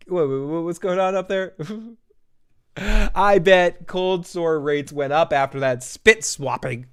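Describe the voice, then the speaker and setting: A man's voice: fairly high pitch, lively intonation, fairly quick. A man hosting a live TV episode review, chatty and rambling, swearing freely and laughing often. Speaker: host of a TV review show.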